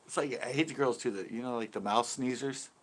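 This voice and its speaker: A fishing channel host runs a casual live stream, telling rambling stories, laughing often, and reading viewer comments aloud. His voice is medium-pitched and a little quick.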